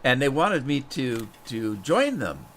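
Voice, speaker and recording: A gaming streamer playing a farming game tells a rambling anecdote full of chuckles and repeated words, then greets viewers in chat. His mid-range voice is very animated, slow and a bit bright, with a little hiss or hum in the recording.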